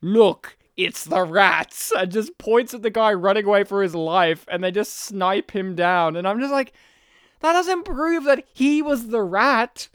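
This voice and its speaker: A man with an Australian accent co-hosting a casual movie-review chat, telling stories in an animated, laughing, sweary way. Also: high voice, moderate pace, clean tone, no room sound, studio quality. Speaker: podcast co-host.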